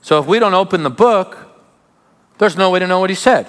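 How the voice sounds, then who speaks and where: A man preaching a sermon as pastor, emphatic, with sudden drops to quiet asides. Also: high voice, expressive, a little fast. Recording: long hall reverb.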